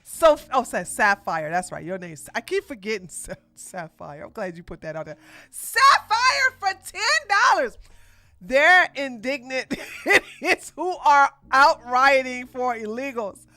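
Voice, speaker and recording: A woman's voice: a little high, lively intonation, measured pace, pushed and bright, no echo. A woman hosting a livestream podcast, giving blunt opinions in casual commentary, laughing often and reading out viewer donations. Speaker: podcast host.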